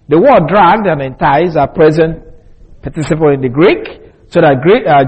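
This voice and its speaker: A male Bible teacher giving a deliberate expository lesson and spelling out Greek words letter by letter. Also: fairly high pitch, husky, low-quality recording.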